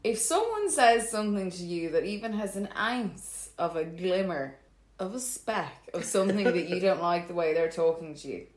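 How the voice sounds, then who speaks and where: A woman's voice: on the low side, animated, normal speed. Laughing woman giving playful advice. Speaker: podcast co-host. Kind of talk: casual chat. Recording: roomy echo.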